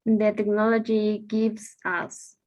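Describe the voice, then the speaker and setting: A woman student on a video call, halting and searching for words as she answers. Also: medium pitch, completely flat delivery, darkish tone. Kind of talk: classroom answers.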